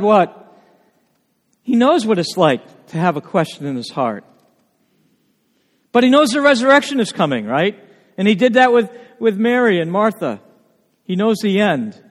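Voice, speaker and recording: Preacher, male, high voice, emphatic and dynamic, big reverberant hall. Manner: emphatic, swings from loud to hushed. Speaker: pastor. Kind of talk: sermon.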